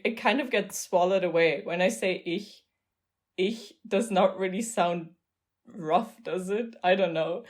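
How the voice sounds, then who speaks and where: A woman from Austria, a German speaker, telling a casual anecdote in English in a chatty, laughing way. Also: medium pitch. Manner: chatty, laughing, animated storytelling.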